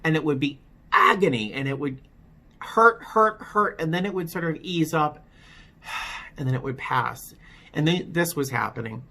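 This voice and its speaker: Bright-voiced man, halting testimony. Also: a little high, creaky. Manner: halting, with frequent restarts; candid, wry storytelling. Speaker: vlogger telling his recovery story. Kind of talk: personal testimony vlog.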